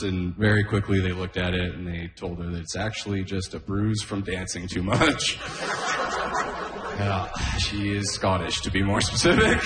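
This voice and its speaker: A man's voice: low-pitched, a bit bright, a little hiss or hum. Man doing stand-up, echoey club. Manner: laughs at his own jokes, many "oh, man" asides. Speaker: stand-up comedian. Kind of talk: stand-up comedy set. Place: comedy club stage with a laughing audience.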